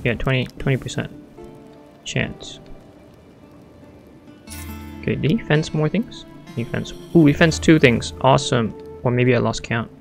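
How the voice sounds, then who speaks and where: A man giving casual let's-play commentary, excitable and thinking aloud as he plays. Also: mid-range voice, a little slow, gravelly, pauses often, soft background music. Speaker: gamer playing a strategy game.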